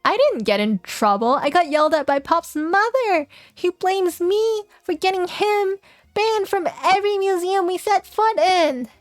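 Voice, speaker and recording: Woman doing a shrill exasperated teen girl. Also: unhurried, dry recording, faint music behind. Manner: exasperated, sharp.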